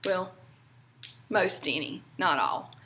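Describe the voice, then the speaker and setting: A woman's voice: fairly low pitch, lively intonation, slow, sharp tone, slight background noise. A young woman from North Carolina with a Southern accent, chatting casually to camera in a rambling way with lots of fillers. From North Carolina, USA. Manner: chatty, rambling, many fillers and little laughs. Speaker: vlogger.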